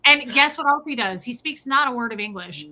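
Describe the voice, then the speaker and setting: A young woman co-hosting a casual livestream chat, telling stories with gushing, animated energy. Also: on the high side, fairly quick, rough recording. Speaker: co-host.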